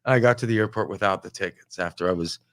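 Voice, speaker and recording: A man's voice: sits low, fast talker. Man telling an exasperated comic story. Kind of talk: casual storytelling on a talk show.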